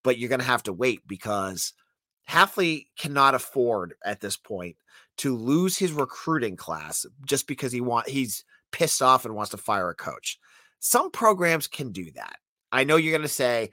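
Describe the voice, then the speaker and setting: Male sports podcast host, opinionated and blunt, bright voice, dry close-mic sound. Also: mid-range voice, moderate pace, no echo. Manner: animated, blunt, addresses listeners as folks.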